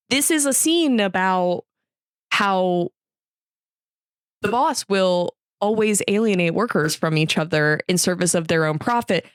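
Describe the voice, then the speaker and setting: A woman's voice: mid-range voice, expressive, a little slow, clear, resonant tone, no echo, clean studio sound. Wry, sarcastic woman podcast co-host. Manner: wry, sarcastic quips, laughs often. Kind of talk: casual movie review chat.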